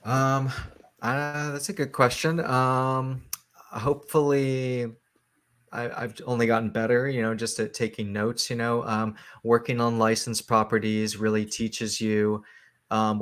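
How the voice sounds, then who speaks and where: A man's voice: medium pitch, level tone, measured pace, fairly bright tone, clear, resonant tone. A man, a comic book writer, talking about his work in an interview, with many fillers and restarts. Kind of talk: casual interview talk.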